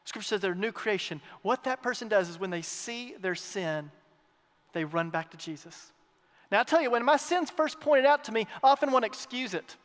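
High-voiced guy preaching, loud then hushed, big echoey church. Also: expressive, fairly quick. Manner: emphatic, swings between loud and hushed, repeats phrases. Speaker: pastor. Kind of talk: sermon. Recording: long reverb of a large hall.

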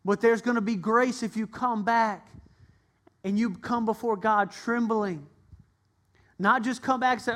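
Pastor guy with a high voice, preaching big and dramatic, acts out the parts. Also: fairly even intonation, unhurried, pauses often, a bit bright. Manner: dramatic retelling with acted-out voices; earnest, emphatic preaching. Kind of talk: sermon.

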